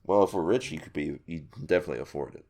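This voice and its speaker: A man's voice: extremely low pitch, rapid-fire, warm tone. A young adult man hosting a podcast in casual, teasing chat. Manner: joking, teasing. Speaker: podcast host.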